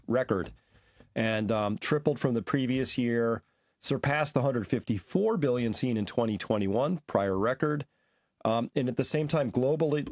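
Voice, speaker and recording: A man's voice: mid-range voice, no echo. A man co-hosting a conversational market discussion, who walks through charts and figures in an analytical way.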